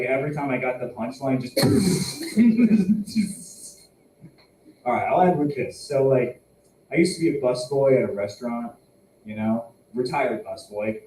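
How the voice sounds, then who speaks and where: Self-mocking young comic with lively pitch. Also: male voice, unhurried, long pauses, distant mic, slight background noise. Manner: self-mocking, jumpy pitch, laughs at own jokes. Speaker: stand-up comedian. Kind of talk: open mic stand-up. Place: small tobacconist shop. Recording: echoey room, heard from afar.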